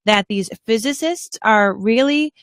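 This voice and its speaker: Brief: young female co-host, jokey and emphatic, higher voice, dry close mic. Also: unhurried, clear, resonant tone, no room sound. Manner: animated, jokey, hits words for emphasis. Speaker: podcast co-host. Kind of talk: casual chat on a live-streamed podcast.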